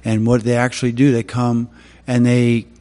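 A man giving a sermon, opening with prayer and then telling Bible stories in a halting way with many fillers. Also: mid-range voice, monotone, warm tone, big-room sound. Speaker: preacher.

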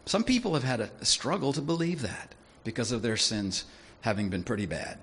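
Male preacher, conversational sermon delivery with questions to the audience; gravelly and low. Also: animated, a little fast, fairly bright tone.

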